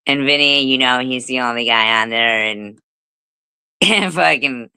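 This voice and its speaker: A woman's voice: a bass voice, pushed and bright, clear, resonant tone, no echo, poor audio. A middle-aged woman telling a rambling story in casual livestream chat, laughing often and swearing freely. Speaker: livestream host. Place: home livestream.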